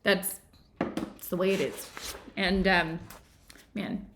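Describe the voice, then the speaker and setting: A woman's voice: lowish voice, slow, noisy background. A woman hosting an online book club from her home office, talking casually and animatedly and laughing often.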